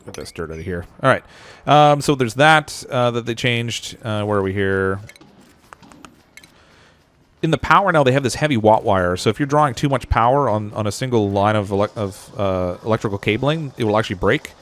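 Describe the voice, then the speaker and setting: A man's voice: lowish voice, expressive, moderate pace, fairly bright tone. A young Canadian man with a Canadian accent, live-streaming and commenting on his gameplay, chatty, thinking aloud with fillers and corny jokes. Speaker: game streamer.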